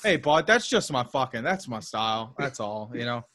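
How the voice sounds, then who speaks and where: A man's voice: mid-range voice, sing-song, moderate pace, bright, forceful tone. A man with a Southern American accent, laid-back and swearing as a co-host on a hockey podcast. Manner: laid-back, profane, casual. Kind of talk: casual hockey chat.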